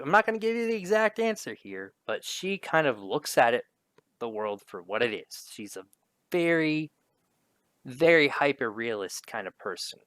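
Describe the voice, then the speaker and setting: A man's voice: mid-range voice, fairly bright tone, dry recording. A male teacher giving a casual spoken lesson, talking his students through questions in a conversational way.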